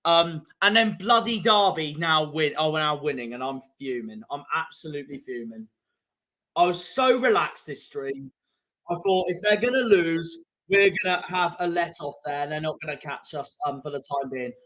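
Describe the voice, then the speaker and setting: Young man, livestream football watchalong host, bright tone, higher side, frustrated ranting with sudden shouts. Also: moderate pace. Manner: frustrated, ranting, swings between muttering and shouting. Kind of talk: live football watchalong commentary.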